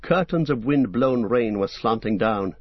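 A male narrator reads an audiobook in a measured, solemn storytelling voice. The recording sounds dull and lo-fi, with a dry, close sound and no room around it. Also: medium pitch, expressive, slightly rough, dry recording.

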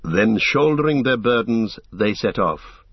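Man, storybook narration, steady measured reading, dull lo-fi recording, dry. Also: lowish voice, husky, no echo. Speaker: audiobook narrator.

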